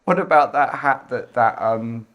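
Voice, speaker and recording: A man's voice: medium pitch, unhurried, lo-fi sound. A man co-hosting a podcast, playful and giggly in casual chat. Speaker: podcast co-host.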